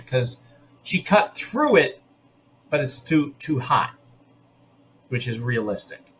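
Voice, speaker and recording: A man hosting a podcast, recapping an episode in casual, opinionated chat full of quick restarts. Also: mid-range voice, sing-song, a bit bright, a little hiss or hum. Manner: chatty and opinionated, talking in quick bursts with restarts. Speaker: podcast host.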